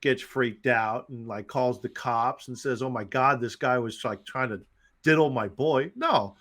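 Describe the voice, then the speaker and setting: A man co-hosting a casual movie review podcast, crudely joking and retelling scenes with quick impressions. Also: medium pitch, fairly bright tone. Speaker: podcast co-host.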